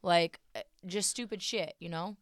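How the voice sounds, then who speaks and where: A woman co-hosting a podcast, retelling a story in casual chat, swearing often and talking in an animated way. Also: lowish voice, moderate pace, no echo, studio quality. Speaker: podcast co-host.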